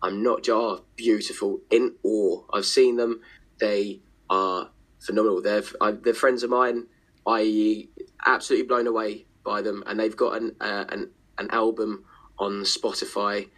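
A man, chatting as a podcast guest and musician, talking enthusiastically in long rambling runs and swearing freely. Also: on the low side. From Essex, England. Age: 20s. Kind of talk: casual chat.

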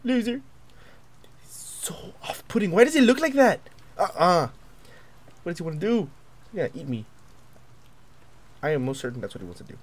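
A young man commentating a horror game as he plays, jumpy and excitable, yelping and taunting the monster. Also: a little high, a little fast, long pauses. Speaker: gaming video creator.

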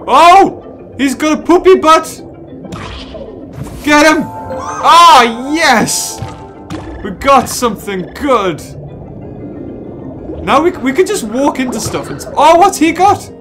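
A gaming host giving excitable let's play commentary, full of squealing exclamations. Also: high-pitched, slow pace, pauses often. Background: game music.

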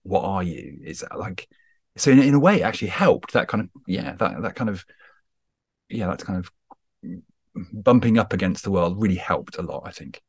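Lively self-mocking man on a call. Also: on the low side, breathy edge, dry recording, clean studio sound. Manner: animated, self-deprecating, full of quick restarts. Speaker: actor and podcast guest. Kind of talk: casual chat. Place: video call.

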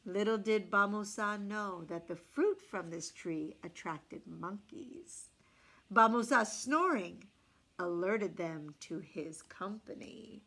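A woman reading a folk tale aloud from a picture book, expressive, dropping to hushed asides about the illustrations. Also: medium pitch, slow pace. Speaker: storyteller.

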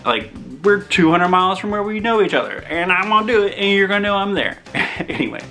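A man's voice: high-pitched, expressive, a little fast, bright, forceful tone, soft background music. A young man vlogging in a chatty, rambling, self-deprecating way. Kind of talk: casual rambling vlog.

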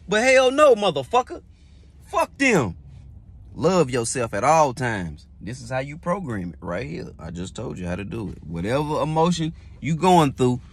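A man, a musician, giving a blunt, heavily profane motivational talk, hammering points home by repeating them. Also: fairly high pitch. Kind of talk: casual motivational monologue.

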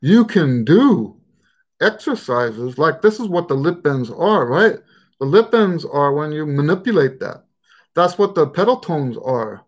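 A man's voice: fairly high pitch, very animated, unhurried. An American man with a mixed, shifting regional accent, hosting a trumpet Q&A live stream in a rambling, casual way with many fillers. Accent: mixed American, Texan and Western Pennsylvania touches. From United States.

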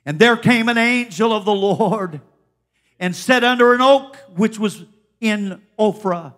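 A woman preaching a fervent Pentecostal sermon at a church service, exhorting the congregation. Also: fairly high pitch. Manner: fervent, exhorting, with repeated calls of "come on".

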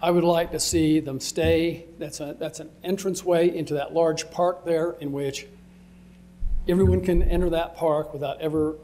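A man arguing a point during public comment at a city council meeting, halting, with restarts and trailing sentences. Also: a little high, fairly even intonation, warm tone, a little hiss or hum. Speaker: resident speaking at public comment.

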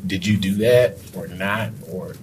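A man's voice: low voice, a little slow, slight background noise, low-quality recording. A man on an editorial board asking follow-up questions hesitantly, with stammered starts. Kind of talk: interview questioning.

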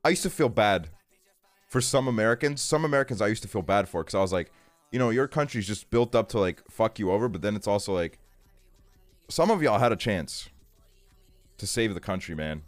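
A man rants casually to his stream from his bedroom, swearing constantly and padding with fillers. His voice sits on the low side and sounds dry and close. Soft music plays faintly behind him. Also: expressive, a little fast, dry recording. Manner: profane, ranting, lots of fillers.

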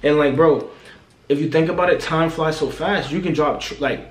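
A young man talks through a music reaction in a loose, rambling, playful way. His voice sits a touch high, and the room around him echoes. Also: moderate pace. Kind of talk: casual reaction commentary.

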